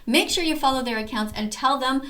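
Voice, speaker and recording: A woman's voice: high voice, brisk, a bit bright. A woman hosting casual commentary over activist videos, talking in an emphatic, enthusiastic way. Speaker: host reacting to activist videos.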